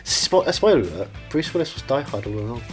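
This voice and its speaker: A man's voice: medium pitch, very animated, quick pace, soft background music. A man co-hosting a podcast in casual chat, rambling and joking with mock-grand asides. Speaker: podcast co-host.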